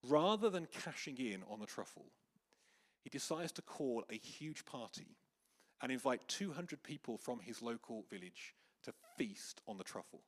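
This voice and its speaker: A man preaching a sermon in church, telling stories with animated quoted voices. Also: mid-range voice, normal speed. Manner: anecdotal storytelling with lively acted quotes. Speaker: pastor. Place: church hall with congregation.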